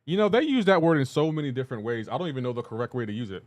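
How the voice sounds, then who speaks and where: A man's voice: medium pitch, lively intonation, very fast. A man streaming live, chatting casually, greeting viewers by name, laughing often. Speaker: streamer reading chat.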